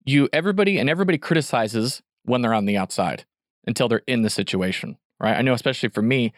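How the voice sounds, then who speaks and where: A man hosting a casual chat, upbeat and affirming, talking in an animated way. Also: mid-range voice, fast talker, dry recording, studio quality.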